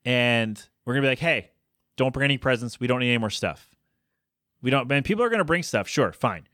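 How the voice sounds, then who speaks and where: A man hosting his own podcast, talking casually with plenty of fillers and self-corrections. He rants in exasperation, and his mid-pitched voice climbs when he gets worked up. The sound is dry and close, with no room echo. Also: animated, fairly quick, bright, forceful tone. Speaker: podcast host. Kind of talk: casual solo podcast commentary.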